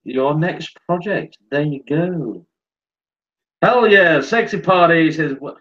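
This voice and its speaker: High-voiced man hosting a stream. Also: pushed and bright, highs cut off. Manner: chatty, apologetic, greets viewers by name. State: a few drinks in. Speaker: live stream host. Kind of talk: casual live stream chat.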